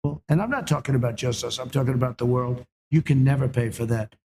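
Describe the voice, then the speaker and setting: A man's voice: mid-range voice, fast, vocal fry, mellow, a little hiss or hum. An older man answering in a TV interview, boastful and repetitive, leaning hard on emphatic claims.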